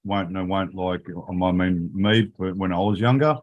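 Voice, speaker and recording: A man's voice: deep voice, steady tone, moderate pace, dull audio. A man speaking frankly in a casual livestream chat, rambling and agreeing often. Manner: rambling, frank, says yeah a lot.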